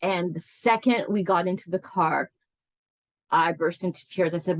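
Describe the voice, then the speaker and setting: A woman's voice: fairly low pitch, normal speed, dry recording, rough recording. A woman in her forties telling her life story in an oral history interview, earnest and reflective, often restarting her sentences.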